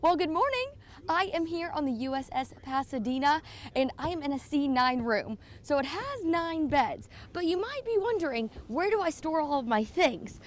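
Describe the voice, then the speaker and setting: A woman TV reporter talking to camera inside a submarine in a lively, chatty way. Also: high voice, normal speed. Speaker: TV reporter on location.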